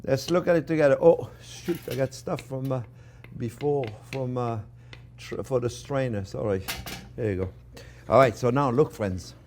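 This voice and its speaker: A man's voice: medium pitch, normal speed, darkish tone, slight background noise. A man with a French accent, a chef giving a chatty cooking demonstration in a kitchen, repeating himself and talking to viewers as friends.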